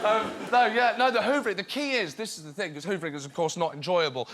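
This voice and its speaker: A man in his thirties, a comedian guest on a talk show, telling stories in an animated way and shouting out bits. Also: high voice, fast, a crowd in the background. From England. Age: 30s. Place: TV studio with live audience. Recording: studio with loud audience laughter.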